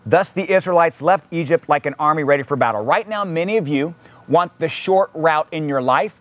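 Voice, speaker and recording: A man's voice: fairly high pitch, fairly quick, fairly bright tone, no room sound. A man preaching a sermon in a conversational way, reading scripture aloud and adding casual asides. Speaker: pastor.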